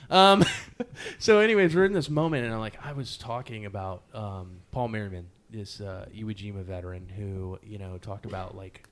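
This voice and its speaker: A man with a fairly low voice shares stories as a podcast guest. He speaks casually, filling pauses with fillers and laughing at his own slip-ups. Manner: animated, laughs at himself, many fillers; slow, measured poetry reading. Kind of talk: casual storytelling interview.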